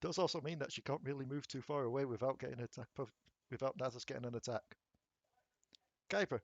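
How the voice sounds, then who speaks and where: A man runs a tabletop game as game master. His voice sits at an ordinary pitch and his talk is chatty, with quick bursts of rules talk and frequent laughs. The recording is dry and close, with no room sound. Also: fairly even intonation, dry recording, muffled recording. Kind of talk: narrating a tabletop game over voice chat.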